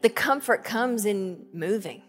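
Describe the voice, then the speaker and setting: Slow-spoken woman pastor preaching in a hall. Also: mid-range voice, expressive. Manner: conversational storytelling, scripture reading with emphasis. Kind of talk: sermon. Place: church sanctuary. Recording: reverberant hall with soft band music. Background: soft band music.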